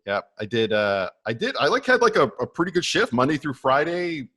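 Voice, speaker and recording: A man's voice: on the high side, very animated, fairly quick, a bit bright, breathy edge. A man guesting as a meteorologist on a casual podcast, friendly and chatty. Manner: friendly, chatty, laughs easily. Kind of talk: casual interview chat.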